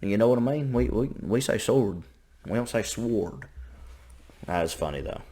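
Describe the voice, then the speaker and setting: Animated Southern man reacting. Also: mid-range voice, a little fast. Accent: Southern American. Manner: animated, repeats himself, thinks out loud. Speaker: reaction video host. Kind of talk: casual reaction commentary.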